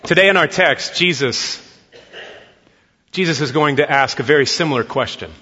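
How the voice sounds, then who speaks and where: A man's voice: on the high side, normal speed, bright, forceful tone, slightly rough. A male pastor preaching a Sunday sermon in a church, telling a story and acting out its dialogue. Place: church sanctuary. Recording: dull lo-fi sound with long hall reverb.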